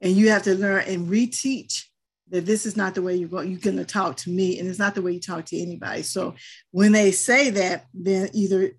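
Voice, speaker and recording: A woman's voice: mid-range voice, fairly even intonation, a little fast, husky. An older woman and grandmother, speaking in a firm, earnest way in a group discussion and telling stories from home. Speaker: panelist. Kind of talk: casual discussion.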